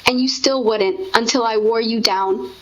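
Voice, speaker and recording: Higher-voiced woman, animated storyteller, lo-fi sound. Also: moderate pace. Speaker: co-host recounting a shared memory. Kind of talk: casual conversation with her partner.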